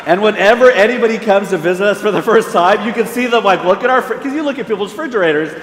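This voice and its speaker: Animated man speaking in an echoey hall. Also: sits high, quick pace, slight background noise. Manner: conversational, animated storyteller acting out quoted voices. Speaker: pastor and conference speaker. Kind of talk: conference talk with storytelling. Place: large hall. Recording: echoey hall, long reverb.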